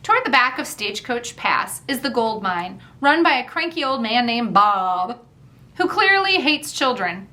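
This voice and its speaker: A woman narrates a first-person audiobook with a wry, chatty delivery. Her voice is bright and fairly high, and it rises and falls freely as she reads. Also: sing-song, unhurried.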